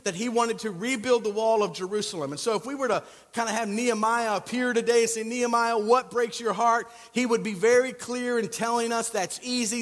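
A man preaching a sermon, telling the story in an animated way and building up emphasis. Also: very high-pitched, fairly quick, few pauses, faint music behind. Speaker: pastor. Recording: long reverb of a large hall.

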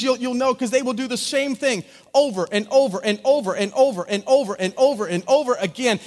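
A man preaching a conversational sermon as a pastor, acting out little scenes and swinging from loud to hushed. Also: sits high. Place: church sanctuary. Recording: hall reverb.

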